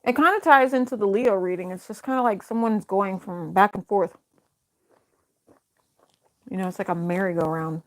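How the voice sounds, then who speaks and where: A woman at a medium pitch talks through a tarot spread in an easygoing, conversational way. She muses aloud, trails off and circles back as she interprets each card. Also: normal speed, pauses often. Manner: thinks aloud, hesitant, many fillers and restarts. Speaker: tarot reader. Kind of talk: casual tarot reading to camera.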